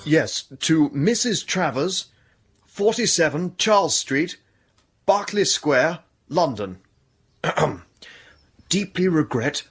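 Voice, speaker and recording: An actor playing a flustered, chatty young English gentleman in a radio comedy. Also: fairly high pitch, breathy edge, exaggerated voice.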